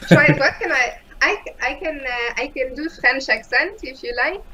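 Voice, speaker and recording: Female co-host, higher voice, chatty casual commentary, faint noise behind. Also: normal speed, bright, forceful tone, rough recording. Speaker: co-host, chess streamer.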